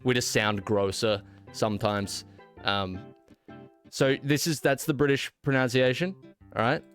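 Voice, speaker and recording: An Australian game streamer banters with his chat while playing, playful and mock-indignant. His mid-range voice is steady and fairly bright at a measured pace, with faint music behind him.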